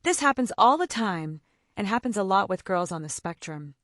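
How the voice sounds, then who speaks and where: Chatty and full of "like," a mom of autistic kids shares casual advice and performs the dialogue she's recounting. She has a medium-pitched, fairly bright voice with a sing-song lilt, speaking at a moderate pace. The recording is dry and studio quality.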